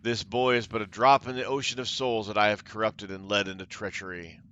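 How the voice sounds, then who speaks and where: A man's voice: lowish voice, moderate pace, sharp tone, muffled recording, a little hiss or hum. A man voicing a cruel, taunting female cult leader while reading game dialogue aloud, with mocking theatrical delivery. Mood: gloating.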